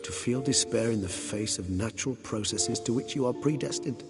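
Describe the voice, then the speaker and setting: A man's voice: medium pitch, moderate pace, lightly acted. An actor playing a refined, ironic male vampire in a video game, with eloquent, theatrical phrasing. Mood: musing. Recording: game audio with music underneath. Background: music.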